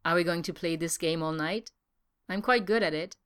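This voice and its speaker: A woman voicing a gentle, wry man who talks softly, fond yet exasperated. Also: on the low side, normal speed, smooth, natural voice.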